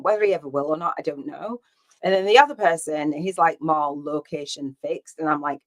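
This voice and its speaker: A woman's voice: sits low, normal speed. A woman hosting a casual solo podcast, telling a story in a rambling way, full of fillers and quoted back-and-forth. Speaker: podcast host.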